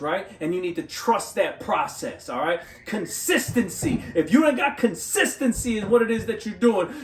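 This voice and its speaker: A man giving a motivational monologue, telling stories in an animated way and often checking in with "right?". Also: high voice, echoey room, recorded from a distance. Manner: animated storytelling with frequent "right?" tags. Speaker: motivational speaker.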